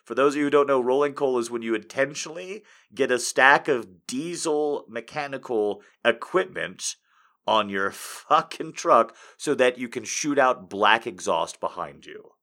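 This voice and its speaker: A man ranting casually to his audience, swearing freely and swinging between loud outbursts and muttered asides. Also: medium pitch, unhurried. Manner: animated, swearing, jumping between loud and quiet. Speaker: streamer.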